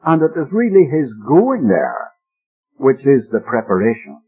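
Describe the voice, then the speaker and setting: A man delivers an earnest, emphatic radio sermon that teaches from the Bible and expounds the text. His medium-pitched, slightly rough voice swings hugely in pitch and moves a little slowly, captured on a narrow-band old radio broadcast.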